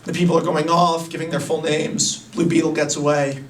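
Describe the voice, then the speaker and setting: A man excitedly pitching a story in a chatty, casual way, laughing at his own ideas. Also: moderate pace, recorded from a distance. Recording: roomy, away from the mic.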